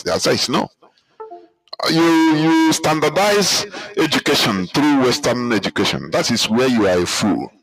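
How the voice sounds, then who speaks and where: A man's voice: a bit bright, rough recording. Angry Nigerian man ranting. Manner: angry, emphatic, repeats himself, rises in pitch. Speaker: commentator reacting to a clip. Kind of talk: heated political commentary.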